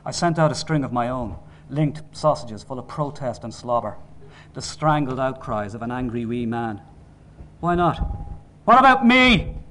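A man reading a novel aloud in measured, sombre narration. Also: medium pitch, slight background noise. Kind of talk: audiobook narration.

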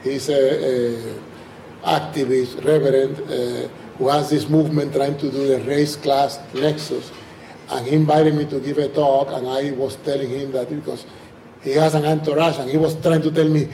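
Animated man with an accent in an echoey hall. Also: mid-range voice, normal speed, gravelly, a little hiss or hum. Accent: Spanish-speaking. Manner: animated, acts out dialogue. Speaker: guest speaker. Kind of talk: lecture Q and A answer. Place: lecture hall. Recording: echoey hall, mic from far off.

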